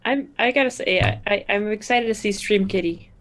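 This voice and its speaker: A woman's voice: medium pitch, normal speed, fairly bright tone. A woman playing a tabletop game, casual, giggly and a little hesitant. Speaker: player.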